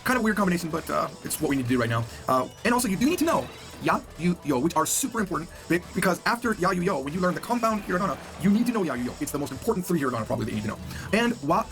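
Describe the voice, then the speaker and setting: Male teacher, upbeat and chatty, rapid-fire with a lively pitch, drills words by repetition. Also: faint music behind. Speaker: language teacher. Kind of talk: recorded beginner lesson.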